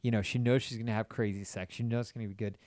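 A man's voice: fairly low pitch, steady tone, racing, darkish tone, no echo, clean studio sound. A man hosting a casual, explicit chat, talking bluntly and crudely like a coach. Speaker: podcast host.

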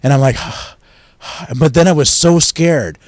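A man's voice: fairly high pitch, slow pace, no room sound. A man telling a long, crude story on a podcast, acting out the other people's voices as he goes. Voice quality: crude, profane. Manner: animated storytelling, acts out quoted voices loudly. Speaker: guest storyteller. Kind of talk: casual podcast chat.

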